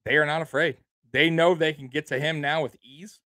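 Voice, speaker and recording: A man's voice: fairly high pitch, steady tone, a little fast, bright, forceful tone, no echo. A man hosting a sports show, ranting angrily about his team with lots of swearing, repeating himself and tacking "man" and "bro" onto his lines. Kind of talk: angry sports rant.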